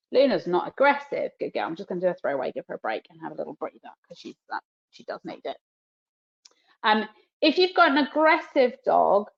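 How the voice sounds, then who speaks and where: Woman trainer from New Zealand, mid pitch, plain practical delivery, slightly muffled webinar sound. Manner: practical, direct coaching with a working dog. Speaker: dog trainer.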